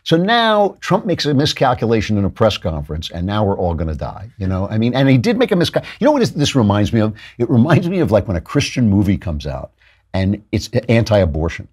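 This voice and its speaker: A man hosting a political commentary show, delivering a sarcastic, animated monologue. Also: lowish voice, fairly quick, slightly rough. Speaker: host.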